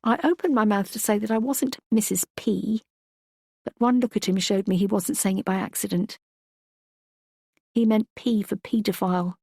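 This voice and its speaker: A woman narrating a first-person audiobook in a measured, reflective way. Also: mid-range voice, gravelly, darkish tone, breathy edge, dry recording, clean studio sound.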